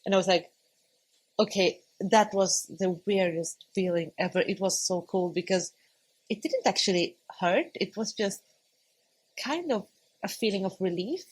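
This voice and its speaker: The audio is poor for this woman in her thirties, whose slightly rough, medium-pitched voice moves at a moderate pace. As a podcast guest she tells a personal story conversationally, laughing often and animatedly acting out things she once said.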